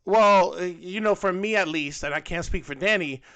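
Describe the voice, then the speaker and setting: A man co-hosting a casual fan podcast, talking in an animated, rambling way with lots of fillers. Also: sits high, moderate pace, clear, resonant tone. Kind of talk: casual panel chat.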